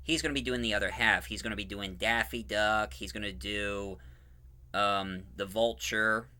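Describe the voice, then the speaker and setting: Give me a rambling, enthusiastic man previewing his fan audio drama, with a bright, slightly low voice. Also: fairly even intonation, normal speed. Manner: rambling, self-correcting, enthusiastic. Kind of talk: casual preview talk.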